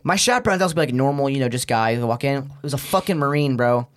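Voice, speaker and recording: A man's voice: medium pitch, lively intonation, quick pace. A young man, a podcast guest, telling a story in casual chat, swearing a lot and acting out the other people's voices.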